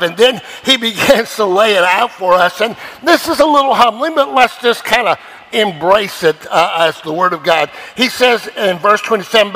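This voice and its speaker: A man preaches a sermon in a high, bright voice. He stresses his points by repeating phrases, then drops to quiet asides before building up again. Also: low-quality recording. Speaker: pastor.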